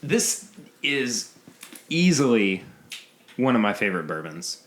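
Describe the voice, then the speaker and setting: A man's voice: mid-range voice, very animated, takes it slowly, fairly bright tone, a little hiss or hum. A man hosting a casual bourbon podcast, talking loosely and laughing often. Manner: rambling, laughs often, restarts. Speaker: podcast host. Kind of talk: casual chat.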